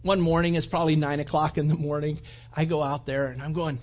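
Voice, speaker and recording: Husky high-voiced preacher telling a story. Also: male voice, fast talker, highs cut off. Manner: animated storyteller, acts out his own thoughts. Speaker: pastor. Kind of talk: sermon with a personal story.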